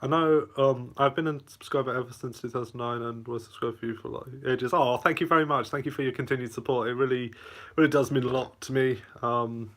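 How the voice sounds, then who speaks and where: Eating lunch as he goes, a channel host reads viewer chat aloud during an easygoing live Q&A and rambles between bites. He's a fast talker with a steady, medium-pitched voice.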